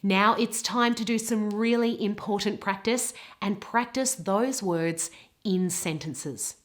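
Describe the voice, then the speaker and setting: A woman with a British English accent teaching pronunciation, modelling words slowly and carefully. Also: mid-range voice. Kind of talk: pronunciation lesson.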